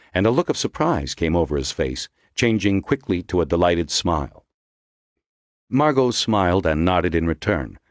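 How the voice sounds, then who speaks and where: This is a dry, clean studio recording of a man with a low pitch narrating an audiobook. He tells the story in a measured, expressive way.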